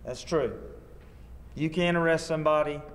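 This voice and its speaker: A man's voice: on the high side, moderate pace. A man, a lawyer teaching a training seminar in a wry, anecdotal way. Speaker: attorney and workshop instructor. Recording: long hall reverb.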